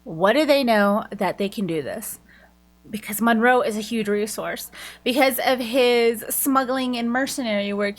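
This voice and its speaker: A woman's voice: a little high, fairly bright tone. A woman giving a casual book review, retelling the plot in a loose, chatty way and slipping in quoted lines.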